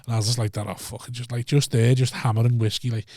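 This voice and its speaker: Fast-talking man, co-hosting. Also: mid-range voice, no room sound, clean studio sound. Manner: swearing, animated storytelling with acted quotes. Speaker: podcast co-host. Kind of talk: casual chat.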